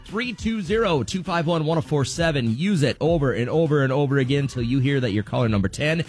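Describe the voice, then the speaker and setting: A man hosting a morning radio show, running contests and promos in an upbeat, quick way. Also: on the high side, animated, a little mellow, faint music behind.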